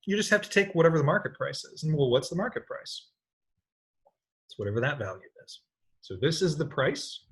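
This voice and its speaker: A man's voice: fairly high pitch, very animated, a little fast, a bit bright. A man giving a recorded economics lecture, explaining step by step and often checking in with the listener. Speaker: economics teacher.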